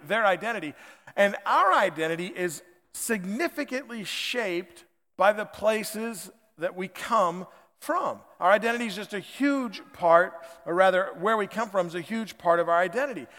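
Pastor, fifties, American accent; pitched high, casual folksy sermon delivery, hall reverb. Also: male voice, bright, forceful tone. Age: 50s. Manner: conversational, chatty and folksy. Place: church sanctuary.

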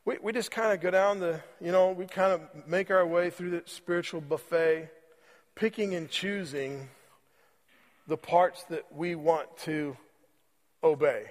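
A man preaching a sermon as pastor, conversational and repeating phrases for emphasis, slowing on key words. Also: high voice, fairly even intonation, big-room sound. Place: church sanctuary.

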